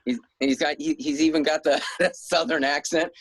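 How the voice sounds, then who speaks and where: A man's voice: fairly high pitch, fairly even intonation, normal speed, no room sound, low-quality recording. A middle-aged man being interviewed as an author, rambling in a casual way with frequent chuckles and restarts. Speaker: guest author.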